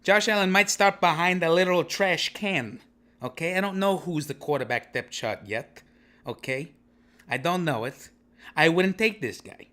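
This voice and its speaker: A man's voice: a little high, animated, moderate pace, bright, forceful tone. A man hosting a comedic sports podcast, rambling in brash wise-guy banter and tossing in "okay?" after his picks. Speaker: podcast host.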